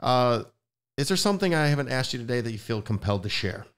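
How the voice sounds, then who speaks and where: A man's voice: medium pitch, lively intonation, fast talker, clean tone. A man hosting a podcast, chatting casually with his guest in an emotional, openly sincere and emphatic way. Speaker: podcast host. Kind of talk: casual interview chat.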